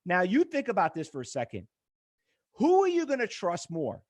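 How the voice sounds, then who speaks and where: With a high voice and moderate pace, a middle-aged trading instructor teaches live over a displayed chart. He's lively and narrative, dramatizing the exchanges he quotes.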